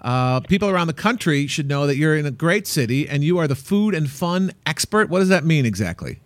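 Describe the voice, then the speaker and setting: A man co-hosting a travel show, chatting casually and telling an animated, playful anecdote. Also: on the high side, a little fast, no room sound. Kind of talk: casual chat.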